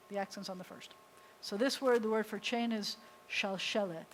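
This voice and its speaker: Woman rabbi, mid-pitched, patient and step by step, teaching beginners in a classroom with faint room hum. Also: rough recording. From United States. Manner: patient, explains step by step, sounds out letters. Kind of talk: live class instruction. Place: synagogue classroom.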